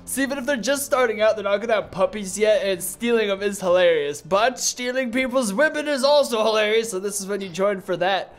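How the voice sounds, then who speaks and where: A man's voice: high voice, expressive, fairly quick, hardly any pauses, faint music behind. A young man hosting a casual gaming video, cracking crude jokes and laughing often. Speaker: gaming YouTuber host.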